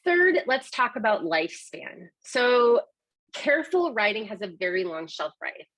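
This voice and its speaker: A woman's voice: fairly high pitch, very animated, a little slow, fairly bright tone, dry recording, rough recording. A woman presenting a webinar on conversation design, explaining points with emphasis. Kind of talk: scripted presentation.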